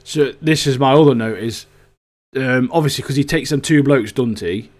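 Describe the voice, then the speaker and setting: A man's voice: mid-range voice, moderate pace. A man co-hosting a podcast, chatting casually in a jokey, slangy way. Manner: chatty, jokey, slangy, says mate a lot. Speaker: podcast co-host. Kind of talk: casual chat.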